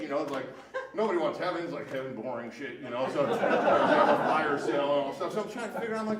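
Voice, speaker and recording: Male storyteller, rambling and profane, live onstage, higher voice, roomy distant sound. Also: lively intonation, fast. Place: stage at a live storytelling show. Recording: echoey room, mic at a distance, faint noise.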